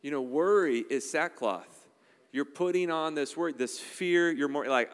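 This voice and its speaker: A man's voice: a little high, measured pace, clear, resonant tone, long reverb tail. A man preaching a sermon in a conversational, emphatic style, checking in with the congregation often. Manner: emphatic, conversational preaching with frequent "all right?" asides. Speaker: pastor.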